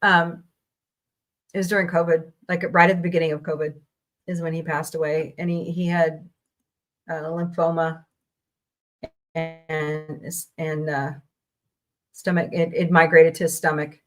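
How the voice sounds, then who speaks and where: A woman's voice: deep voice, flat delivery, a little slow, long pauses. A middle-aged woman from the Midwest, hosting a casual chat show and rambling through stories with frequent laughs. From American Midwest. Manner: chatty, rambling, laughs often. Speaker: podcast host.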